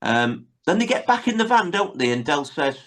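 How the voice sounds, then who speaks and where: A man's voice: a little high, very animated, moderate pace, a bit bright. A man hosting a podcast, casually retelling sitcom scenes with many tag questions. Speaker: podcast host. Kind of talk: casual chat recapping a sitcom episode.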